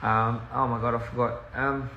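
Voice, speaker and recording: A man's voice: mid-range voice, level tone, normal speed, reverberant, lo-fi sound, slight background noise. A man chatting casually to viewers on a livestream from his house, rambling, easily sidetracked, laughing often and slipping in Korean and bits of other languages. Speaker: recording artist on a livestream. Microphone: phone livestream.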